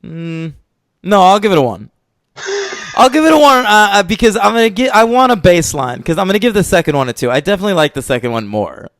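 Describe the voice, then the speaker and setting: A man's voice: high voice, big pitch swings, quick pace, a bit bright, no echo, studio quality. A man co-hosting a film podcast, chatting casually, laughing often and swearing freely. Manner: laughs often, loose and profane. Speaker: podcast co-host. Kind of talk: casual film review chat.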